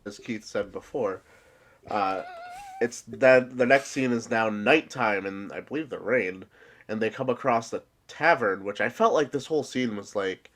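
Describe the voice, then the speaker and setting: A man's voice: on the low side, a little slow, a bit bright. A congested man hosting a casual podcast, explaining at length as he recaps the episode. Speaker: podcast host.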